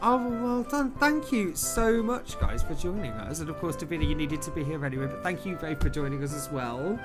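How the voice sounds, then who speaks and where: A man's voice: on the high side, animated, a little fast, loud music behind the voice. A man hosting a podcast, chatting casually with guests and reading out trivia. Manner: chatty, laughs often, reads trivia out. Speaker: podcast host.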